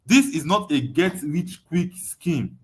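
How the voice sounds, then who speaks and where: A man's voice: a little high, expressive, slow pace, slightly rough. A young adult Nigerian man teaching an online webinar, emphatic, repeating his points and often asking "you understand?". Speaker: online course tutor.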